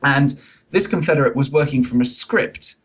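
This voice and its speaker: A man's voice: mid-range voice, moderate pace, husky, rough recording. A man hosting a comic science podcast, wry and pun-loving, reading from a study. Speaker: podcast host.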